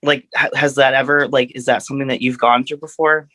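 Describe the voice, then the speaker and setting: A man from Florida, a podcast guest who talks in an unhurried, drawn-out casual way. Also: mid-range voice, fairly even intonation, sharp tone, no room sound.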